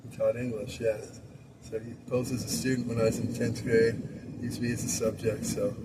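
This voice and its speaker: In this casual, wandering anecdote, a man in his sixties from Southern California recalls his school years and laughs frequently along the way. He has a mid-range voice with a flat delivery and talks a little fast, with traffic clearly audible in the background.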